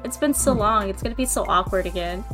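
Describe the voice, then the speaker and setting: A woman talks in a loose, rambling podcast chat, dropping "like" into nearly every phrase. Her pitch sits at an ordinary middle height. Her voice comes in over a remote call line. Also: fast, music in the background. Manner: chatty, lots of "like" fillers. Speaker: podcast co-host. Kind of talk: casual chat.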